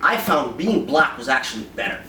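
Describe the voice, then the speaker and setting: Lively man telling stories on a panel. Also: medium pitch, a little fast. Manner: lively storyteller, acts out voices, jokes about himself. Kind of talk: casual panel chat. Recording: roomy, distant mic, noisy.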